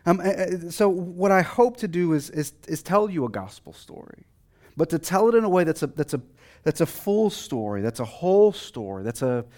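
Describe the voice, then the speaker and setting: A pastor from Texas delivers a loose, conversational sermon, his light Texan accent showing at times. This man's voice sits slightly high, and he stumbles through fillers and restarts as he talks. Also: big pitch swings, normal speed, darkish tone.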